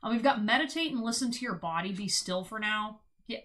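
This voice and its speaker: A young woman streams a casual tarot reading, bubbly and giggly, saying "like" a lot and breaking into sudden loud exclamations. Her voice is on the high side and her pace fairly quick.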